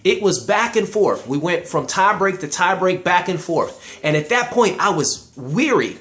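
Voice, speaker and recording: A man's voice: high-pitched, expressive, unhurried, fairly bright tone. A man giving an inspirational, sermon-style talk, emphatic and preacherly, addressing listeners directly and quoting scripture. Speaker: motivational speaker.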